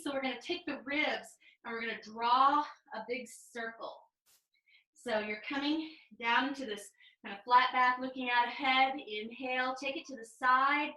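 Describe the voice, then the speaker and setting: A woman leads a mat pilates class over a video call, her voice bright and fairly high. She cues each move and breath in a calm, step-by-step way, and the sound comes through a roomy, echoey space. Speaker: pilates instructor. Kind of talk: cueing a live online mat class.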